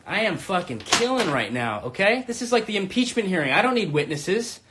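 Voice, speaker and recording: Man, 30s, brash stand-up host, high voice, crude rambling, home live stream. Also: big pitch swings, a little fast, a little hiss or hum. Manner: brash, crude and rambling, swinging between shouts and mutters. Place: home room.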